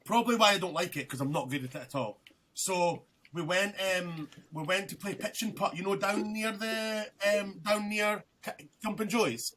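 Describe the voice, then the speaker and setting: A man's voice: sits high, normal speed, a bit bright. A young man, a podcast guest, telling a rambling story in casual chat, swearing freely and restarting his sentences.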